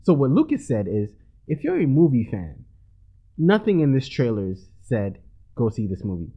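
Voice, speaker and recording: A man co-hosting a casual movie podcast, excitable and jokey, who laughs often. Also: mid-range voice, moderate pace. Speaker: podcast co-host. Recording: thin phone-like sound.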